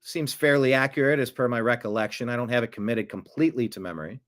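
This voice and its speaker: A man's voice: mid-range voice, fast, a bit bright. A man giving solo political commentary, reading a transcript aloud in an indignant, emphatic way.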